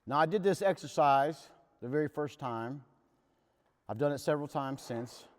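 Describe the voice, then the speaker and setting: Leading a recovery workshop, a man with a slightly high voice speaks at a normal pace, candidly recounting his own story in an earnest, plain-spoken way. A long hall reverb trails his words.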